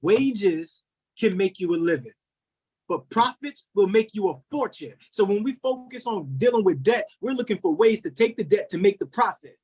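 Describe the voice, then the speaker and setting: A man's voice: high voice, expressive, moderate pace, a little mellow, husky. A man hosting a group video call and delivering a repetitive, rallying motivational pep talk. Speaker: motivational coach and call host.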